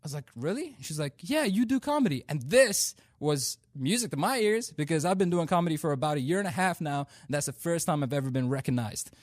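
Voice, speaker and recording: Young man from India, stand-up comic; playful, self-mocking delivery, slightly high voice, close and dry sound. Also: lively intonation, fast talker, few pauses, no echo. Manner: self-deprecating, playful storytelling. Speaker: stand-up comedian. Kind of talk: stand-up comedy routine.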